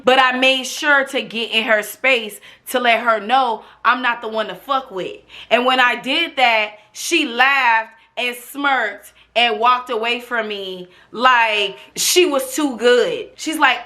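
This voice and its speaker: High, bright-voiced young woman telling a story. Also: unhurried. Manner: blunt, profane, animated storytelling. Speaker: vlogger. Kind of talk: storytime vlog.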